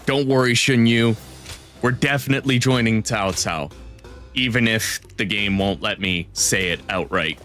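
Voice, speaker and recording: A man's voice: lowish voice, measured pace. A man hosting a casual game playthrough, joking and interrupting himself as he comments. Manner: jokey, self-interrupting, playful. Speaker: let's play host. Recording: game music playing loudly.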